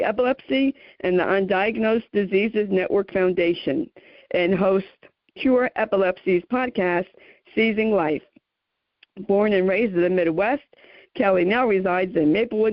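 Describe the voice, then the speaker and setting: A woman hosting a radio interview show who talks effusively and emotionally, with halting "uh"s between her words. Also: medium pitch, no room sound, highs cut off. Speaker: host.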